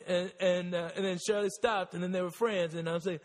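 A man's voice: sits high, fairly even intonation, brisk, few pauses, big-room sound. A man hosting a podcast, telling rambling, profane comic stories. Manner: profane, loud, rambling, keeps saying all right. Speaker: podcast host. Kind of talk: comic storytelling.

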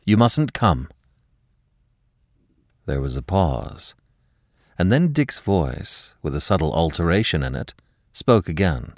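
A male audiobook narrator with a deep, low voice and a very lively pitch that rises and falls. He reads a classic story in a measured, expressive way. The recording is dry and close, with no room sound. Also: no echo. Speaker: podcast narrator.

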